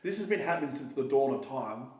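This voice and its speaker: A man's voice: mid-range voice, lively intonation, fast, darkish tone. A man talking casually and at length, rambling, swearing often and restarting his sentences. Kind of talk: casual conversation. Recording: echoey roomy sound.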